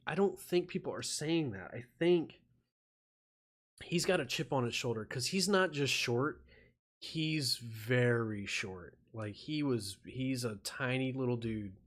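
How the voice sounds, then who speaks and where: A man's voice: mid-range voice, slow. A man rambling profanely on a live stream while feverish, laughing often and restarting his sentences.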